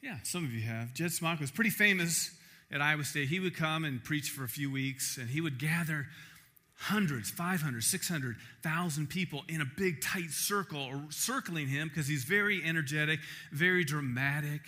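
A middle-aged man preaching a sermon, telling a personal story in an animated way and acting out the crowd. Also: a little high, moderate pace.

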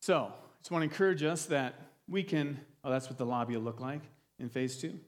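A pastor delivering a sermon in a church, talking loosely with restarts and fillers and an earnest tone. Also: male voice, medium pitch, brisk, in a large hall. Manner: earnest, gets emotional near the end.

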